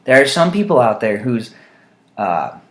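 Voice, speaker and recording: A man telling funny stories as a vlog monologue, wry and rambling, with loud mock voices for the people he quotes. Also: mid-range voice, very animated, unhurried. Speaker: vlogger. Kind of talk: humorous storytelling monologue.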